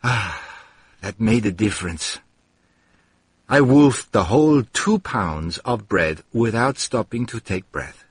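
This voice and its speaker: A man narrating a story in an expressive reading, with heated outbursts in the dialogue. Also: lowish voice, slow, slightly rough, no room sound, clean studio sound. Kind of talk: audiobook narration.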